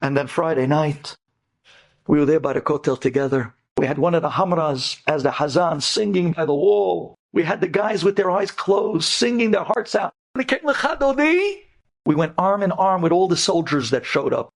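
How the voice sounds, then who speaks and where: A rabbi tells an inspirational tale in a fairly high male voice. His delivery is animated, dipping low and then climbing sharply, and he drops Hebrew words in as he goes. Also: moderate pace, vocal fry. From United States. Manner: animated, swings between hushed and soaring pitch; sprinkles Hebrew terms into speech. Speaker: rabbi storyteller. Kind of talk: inspirational storytelling.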